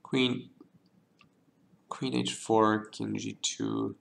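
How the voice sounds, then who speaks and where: This man, a chess streamer, talks himself through moves in a slow mutter, putting himself down and coughing at times. His fairly low, gravelly voice shows little pitch movement and has a fairly bright tone.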